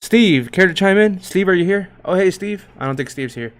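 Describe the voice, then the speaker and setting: A man with a slightly higher-than-average voice runs a casual livestream, rattling off market figures. He's loose and slangy, swearing freely and breaking into hype shouts as he reads the tickers. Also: expressive, moderate pace. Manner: loose, joking, profane, slangy; hype shouts and laughs while reading tickers. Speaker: crypto livestream host.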